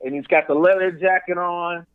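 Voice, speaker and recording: High-voiced man telling a story animatedly. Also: moderate pace, clear, resonant tone, no echo, narrow, tinny audio. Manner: animated storytelling, acts out voices and crowd chants; frequent "and then all of a sudden" and "like" fillers. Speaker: podcast co-host. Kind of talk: casual chat.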